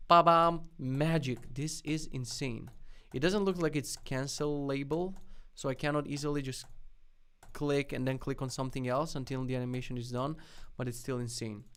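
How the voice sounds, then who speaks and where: A young man runs a live web development stream, reacting to links with excited outbursts and plenty of swearing. His voice is smooth and resonant with a gravelly rasp at the ends of phrases. He sounds loose and unscripted. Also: medium pitch. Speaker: streamer host.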